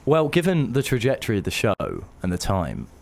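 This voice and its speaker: Lively man hosting radio. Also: mid-range voice, a little fast. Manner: animated, reacts loudly. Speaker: radio show host. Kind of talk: casual radio chat.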